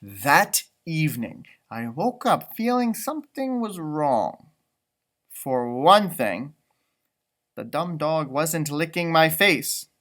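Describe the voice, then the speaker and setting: A man voicing a boastful male leprechaun who tells his own story with dramatic, sudden loud exclaims. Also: fairly high pitch, big pitch swings, slow, heavily acted.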